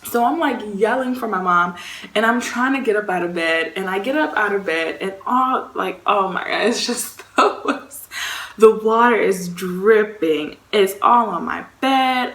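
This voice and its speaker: A woman vlogger tells a story in a chatty, lively way and keeps checking in with her listeners. The recording has a noticeable room echo, as if made in an untreated room at home. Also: medium pitch. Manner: chatty, animated retelling with frequent "you understand?". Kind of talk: casual storytime vlog.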